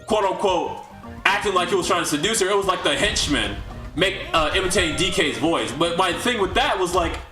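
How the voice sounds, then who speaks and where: A man's voice: sits high, animated, brisk, pushed and bright. A young man hosting a livestream, casually recapping a story with rambling, incredulous asides to chat. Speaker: livestream host. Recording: echoey room with faint music.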